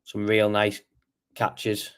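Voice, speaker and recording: A man's voice: fairly low pitch, completely flat delivery, drawn-out words, fairly bright tone, clear, resonant tone. A man hosting a casual market review stream, tired and yawning as he walks through charts and answers chat questions. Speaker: trading show host.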